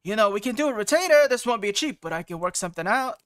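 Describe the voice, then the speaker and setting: A game streamer voicing a grumpy male detective who talks gruffly and sarcastically. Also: medium pitch, expressive, fast talker, natural voice.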